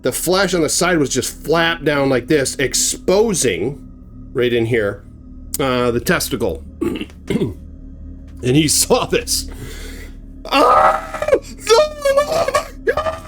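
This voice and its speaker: A man's voice: mid-range voice, expressive, slow, pauses often, soft background music. A man telling a horror story in a casual, rambling way, full of fillers and restarts.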